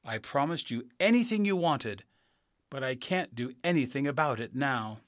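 A man's voice: medium pitch, expressive, moderate pace, dry recording, clean studio sound, lightly acted. A man voicing a sheepish old fake wizard. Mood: apologetic. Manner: apologetic, gently explaining. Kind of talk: storybook reading.

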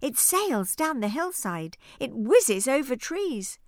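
Expressive woman reading a storybook. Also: high-pitched, slow, dry recording, clean studio sound. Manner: expressive, rhyming sing-song delivery. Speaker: audiobook narrator. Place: recording studio. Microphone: studio microphone.

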